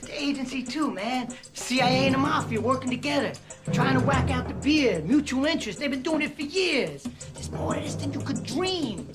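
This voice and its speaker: A paranoid foul-mouthed ex-agent. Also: male voice, extremely high pitch, animated, normal speed, loud music behind the voice. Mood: jittery, tense. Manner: profane, jittery and rambling. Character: paranoid, foul-mouthed ex-agent man, middle-aged and unraveling. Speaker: film character. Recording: film clip with score.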